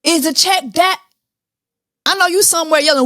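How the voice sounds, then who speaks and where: A woman hosting a podcast, talking through celebrity news in an animated, blunt, profane way. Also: sits high, normal speed, dry recording, studio quality. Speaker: podcast host. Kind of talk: casual celebrity news chat.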